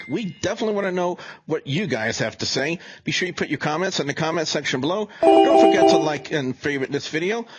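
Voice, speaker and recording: A man's voice: a little high, noisy background. A man hosting a casual wrestling review chat, rambling and often restarting his sentences. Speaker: show host.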